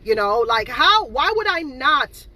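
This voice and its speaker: Bright-voiced woman, jamaican patois lilt, ranting to her viewers, keeps repeating herself, kinda high voice. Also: very animated, a little slow, no echo. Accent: Jamaican patois-inflected. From Boston, Massachusetts. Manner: indignant, repetitive, emphatic. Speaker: cake seller. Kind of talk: casual rant to viewers.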